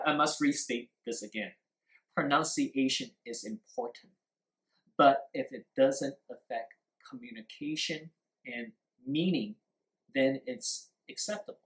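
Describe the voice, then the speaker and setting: A man's voice: medium pitch, a bit bright, echoey room, rough recording. A man teaching a live-stream lesson, repeating his points and quizzing viewers with questions. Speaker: English speaking teacher.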